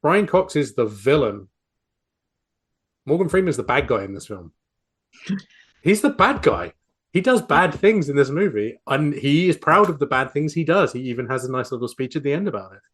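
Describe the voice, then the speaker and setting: A man's voice: medium pitch, animated, a little fast, a bit bright. A man with a New Zealand accent, hosting a casual film-review podcast with wry, sweary asides and frequent laughs. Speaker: podcast host.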